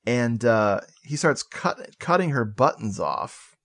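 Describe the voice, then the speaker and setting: A man on a podcast casually recapping a movie plot, animated and joking, with swearing and laughing asides. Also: medium pitch, slow pace. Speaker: podcast co-host.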